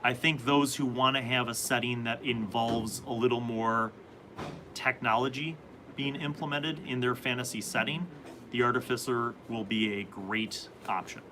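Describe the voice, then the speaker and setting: A man's voice: medium pitch, steady tone, normal speed, background noise. A man hosting a casual live stream, reading viewer comments and rambling through answers about tabletop games.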